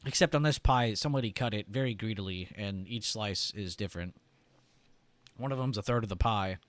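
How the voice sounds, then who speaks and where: A man hosting a trading livestream, talking loosely with lots of "like" and "right?", and clearing his irritated throat often. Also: lowish voice, normal speed, dry recording. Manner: loose and chatty, heavy on "like" and "right?". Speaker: trading stream host. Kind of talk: casual livestream explanation.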